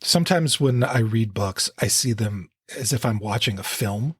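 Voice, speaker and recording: A man co-hosting a casual book-club podcast, speaking in a relaxed way with wry, dry-humored asides. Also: on the low side, moderate pace, slightly rough. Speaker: podcast co-host.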